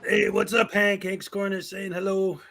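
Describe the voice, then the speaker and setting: A man's voice: high voice, completely flat delivery, normal speed, a bit bright, a little hiss or hum. A man co-hosting a casual livestream over a call, laughing a lot and cheering his partner on. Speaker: co-host on a stream call. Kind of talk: casual live-stream chat.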